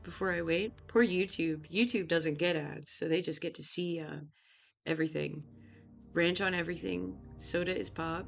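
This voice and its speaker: A chatty woman streamer who reacts to her viewers and jokes while playing. Her voice sits a little low, with faint music under it. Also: moderate pace, creaky. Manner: chatty, joking, reacting to chat. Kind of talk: casual game commentary.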